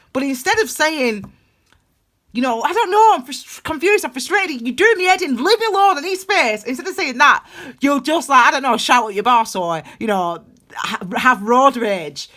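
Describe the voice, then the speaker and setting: A woman's voice: fairly high pitch, fairly bright tone. A woman giving a casual tarot reading, rambling and emphatic with lots of restarts. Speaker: tarot reader.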